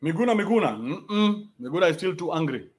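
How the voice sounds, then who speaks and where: A man's voice: high voice, animated, brisk. A young adult man with a Kenyan accent, ranting bluntly in a profane, mocking livestream. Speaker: commentator. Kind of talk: livestream rant.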